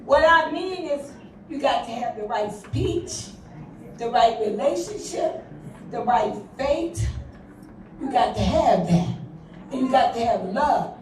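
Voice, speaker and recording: A woman's voice: fairly high pitch, animated, slow, pauses often, recorded from a distance, a little hiss or hum. An older woman preaching and leading fervent prayer in church, calling out to the congregation and slipping into song. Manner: fervent, call-and-response preaching, breaks into song. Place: church sanctuary. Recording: echoey church hall miked from afar with crowd.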